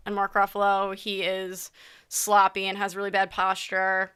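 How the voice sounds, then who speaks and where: A woman's voice: medium pitch, completely flat delivery, unhurried, pushed and bright, smooth. A young woman vlogging in a casual, rambling chat, often restarting her sentences. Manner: chatty, rambling, with frequent restarts and asides.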